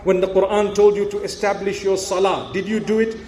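Man preaching, pretty high voice, earnest and encouraging, lots of questions to the crowd, echoey hall. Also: level tone, fairly quick, darkish tone, a little hiss or hum. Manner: earnest, encouraging, rhetorical questions, breaks into melodic recitation. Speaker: Islamic preacher. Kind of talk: sermon to a live audience.

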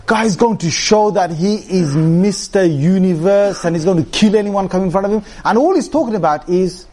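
A man delivering a conversational religious talk in a slightly higher voice. He speaks plainly and with humor to the brothers and sisters before him. His delivery stays loose and animated. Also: normal speed, a little hiss or hum. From Britain. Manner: animated, mimics shouting preachers with humor; melodic chanted recitation. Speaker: preacher. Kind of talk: Islamic talk with Quran recitation.

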